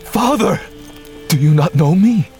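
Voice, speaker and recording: A man voicing a grieving young male warrior with halting, earnest speech in an audiobook. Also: mid-range voice, a little mellow, soft background music, lightly acted. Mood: anxious. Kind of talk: audiobook character voice.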